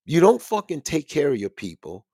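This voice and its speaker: Male podcast host, loose profane ranter, very lively delivery, dead-dry room. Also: a little high, normal speed, no room sound. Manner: animated, swearing, ranting. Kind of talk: casual profane commentary.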